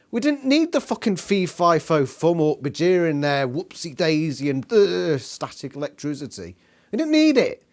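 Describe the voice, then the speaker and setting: A man's voice: a little high, big pitch swings, moderate pace. A man reviewing a book in a casual vlog, sweary, sarcastic and exasperated.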